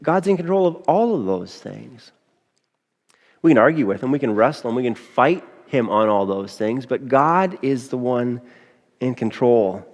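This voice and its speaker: A man's voice: mid-range voice, a little mellow. A man preaching a sermon as a pastor, in a conversational manner with frequent rhetorical asides to the congregation. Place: church sanctuary. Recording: long church reverb.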